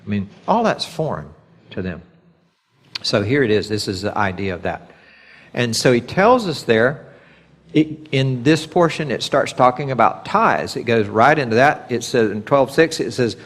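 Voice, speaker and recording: A man's voice: medium pitch, animated, normal speed, fairly bright tone. Conversational male Bible teacher. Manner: conversational, acts out God's voice in quotes. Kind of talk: sermon teaching.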